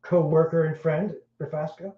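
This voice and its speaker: A man's voice: fairly high pitch, steady tone, normal speed. A middle-aged Welsh man hosting a podcast in casual chat, blunt and crude, rambling with many fillers. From Wales. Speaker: podcast host. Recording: roomy, dull lo-fi sound.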